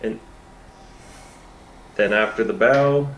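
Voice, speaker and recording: A man plays a tabletop game, slowly and hesitantly describing his character's moves as he thinks aloud. His voice sits on the low side, and the room adds a noticeable echo with a faint hiss. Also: muffled recording. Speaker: player.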